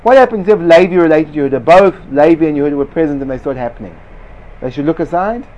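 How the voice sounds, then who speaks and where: A man's voice: a little high, lively intonation, quick pace, a little mellow, dull audio, slight background noise. Man firing rhetorical questions in a Talmudic debate. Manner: argumentative, fires rhetorical questions; sprinkles Hebrew and Yiddish yeshiva terms. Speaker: Torah teacher. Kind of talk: lively Talmudic-style discussion.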